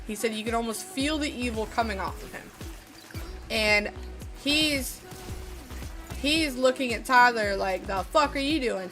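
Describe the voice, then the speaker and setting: A woman's voice: a little high, sharp tone. Swearing woman streamer telling a story. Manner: rambling, lots of fillers and swearing. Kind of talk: casual storytelling while gaming. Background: music.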